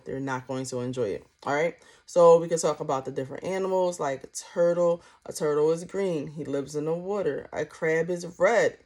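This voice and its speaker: A young woman teaching a parenting class in a casual, chatty way, full of "like" and playfully acted-out questions. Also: lowish voice. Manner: chatty, peppered with "like", acts out questions with lively inflection. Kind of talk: casual instructional talk.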